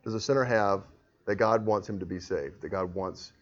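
A man preaching a sermon in an earnest, emphatic way, swinging between quiet reasoning and forceful pleas. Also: on the low side, normal speed. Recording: dull lo-fi sound.

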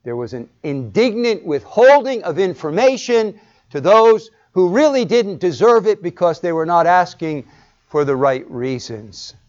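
A man preaching a sermon and reading scripture, stressing words hard and then dropping to a hush. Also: sits high, expressive, measured pace. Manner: emphatic, shifts between loud stresses and hushed drops. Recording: dull lo-fi recording.

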